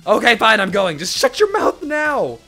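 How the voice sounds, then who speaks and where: A man reading game dialogue aloud as a sarcastic young exorcist priest, in a low, dry deadpan. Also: a little slow, faint music behind, close to an everyday voice.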